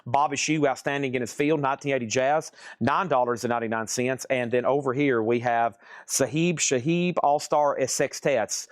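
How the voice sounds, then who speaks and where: A man hosting a live-streamed record sale, rattling off titles, prices and conditions in quick auction patter. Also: medium pitch, no echo, clean studio sound. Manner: rapid-fire listing of prices and conditions.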